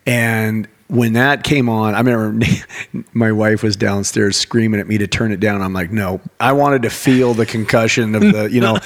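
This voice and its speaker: A man's voice: on the low side, moderate pace. Rambling middle-aged man telling stories. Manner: animated, rambling storyteller. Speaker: podcast host and father. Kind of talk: casual chat.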